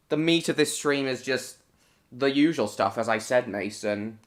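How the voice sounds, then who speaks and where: A man's voice: mid-range voice, fairly even intonation, moderate pace. A British man hosting a casual live stream, greeting viewers by name and answering chat comments in short, broken phrases.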